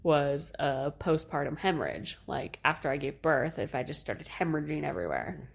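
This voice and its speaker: A woman's voice: deep voice, moderate pace, creaky. A woman in her thirties co-hosting a podcast, telling a personal story casually, swearing freely and laughing as she goes. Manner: animated, swears freely, laughs while recounting. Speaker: podcast co-host.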